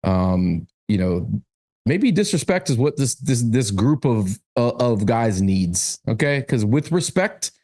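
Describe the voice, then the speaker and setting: A man's voice: mid-range voice, sing-song, slow pace, a little mellow. A man co-hosting a sports podcast, chatting casually in a sarcastic, joking way. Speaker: podcast co-host.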